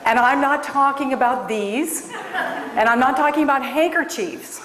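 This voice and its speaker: A woman from Des Moines gives a keynote talk to a live audience, slow and deliberate, pressing each point home. Her voice rings out in a large hall with a long, roomy echo. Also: a little high, a little hiss or hum. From Des Moines, Iowa. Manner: emphatic, storytelling, addresses audience. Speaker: career coach and speaker. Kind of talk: keynote speech.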